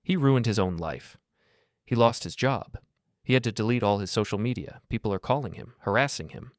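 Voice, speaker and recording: A man's voice: fairly low pitch, expressive, fairly quick, no echo, clean studio sound, voice pushed up. A man voicing a defensive wife who speaks in a cutting tone and at times pleads. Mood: pleading.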